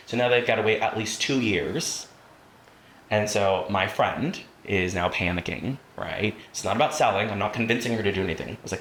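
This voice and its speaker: A man with a lowish voice leads a real estate training class, telling stories and quickly acting out the voices of the people in them. The room is roomy and echoing, with a faint hiss underneath. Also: fairly bright tone. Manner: storytelling, acts out quoted voices.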